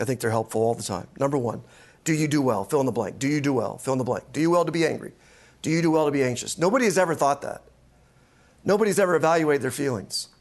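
A man, a pastor and counseling instructor, giving an emphatic teaching lecture and often checking in with "right?". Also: medium pitch. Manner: emphatic, repeats key points, asks "right?".

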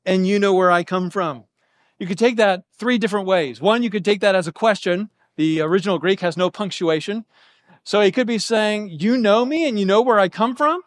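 A man with a high voice gives a verse-by-verse Bible teaching, walking through each reading of the text point by point. He sounds close and dry, with no room sound around him. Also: moderate pace, no room sound. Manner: explanatory, lays out options step by step.

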